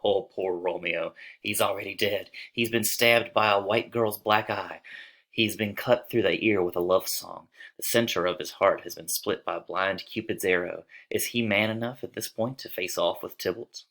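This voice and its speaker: Man voicing a mocking young nobleman, low voice, bright edge, quick jibes. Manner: scornful, rapid joking.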